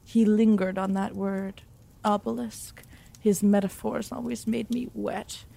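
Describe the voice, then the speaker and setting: Woman narrator, mid-range voice, deadpan mock-romance storytelling. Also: mid-range voice, a little slow, vocal fry. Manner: deadpan, overwrought romance-novel delivery.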